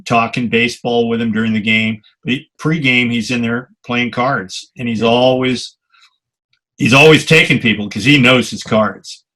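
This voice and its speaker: An older man, a photographer guest on a podcast, telling long animated anecdotes with some salty language. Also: mid-range voice, moderate pace. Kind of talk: storytelling interview.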